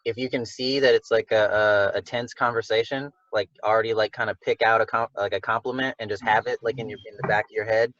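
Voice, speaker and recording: A man's voice: fairly low pitch, fairly even intonation, fast talker, hardly any pauses, fairly bright tone, no room sound. A man leading a casual group discussion, speaking in a rambling way with many fillers and restarts. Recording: dull lo-fi recording.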